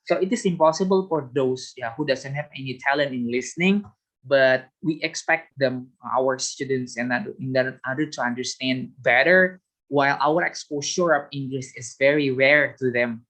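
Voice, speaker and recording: A man's voice: medium pitch, normal speed, fairly bright tone, poor audio. A man whose first language is Indonesian, giving an informal lecture on teaching listening skills, hesitant and full of fillers and restarts. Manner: hesitant, many fillers and restarts, non-native phrasing. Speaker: teacher trainer.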